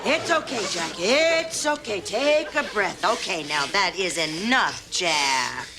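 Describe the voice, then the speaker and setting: A woman's voice: mid-range voice, expressive, slow pace, very noisy. An actress playing a patient sitcom mother who soothes her family in a placating way. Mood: soothing. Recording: TV sitcom with studio audience laughter.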